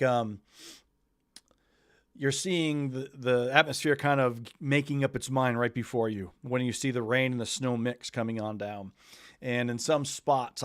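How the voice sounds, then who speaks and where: Smooth-voiced man chatting through the weather. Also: mid-range voice, dry recording, clean studio sound. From New England. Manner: loose and chatty, thinks aloud with many fillers. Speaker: weather show host. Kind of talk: casual live weather talk.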